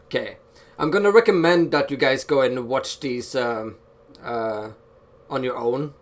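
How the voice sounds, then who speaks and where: A man with a mid-range voice hosting a relaxed podcast chat. He speaks hesitantly, restarting his sentences and reaching for fillers as he explains his points. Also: medium pitch, unhurried. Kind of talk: casual online podcast chat.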